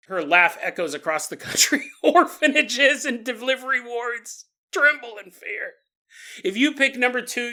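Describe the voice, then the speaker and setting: A man's voice: very high voice, expressive, measured pace, bright, forceful tone. A man hosting a podcast, telling stories in a joking way and laughing through his sentences. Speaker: podcast host. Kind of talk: comedic storytelling podcast.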